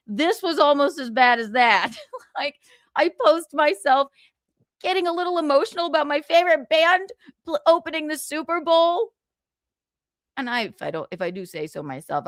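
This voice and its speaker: A woman's voice: on the high side, fairly bright tone, no room sound, clean studio sound. Chatty, giggly woman livestreamer. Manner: chatty, giggly, swears casually. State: tearful, choked up. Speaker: livestream host. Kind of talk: casual livestream chat.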